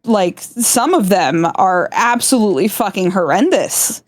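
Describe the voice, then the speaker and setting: A woman's voice: mid-range voice, animated, a little slow, no room sound. A woman from South Florida chats loosely on a live stream, cursing and laughing as she goes. Her voice sits mid-range for a woman. The recording is close and dry, with no room sound. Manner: swears freely, laughs often, chatty. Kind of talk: casual chat.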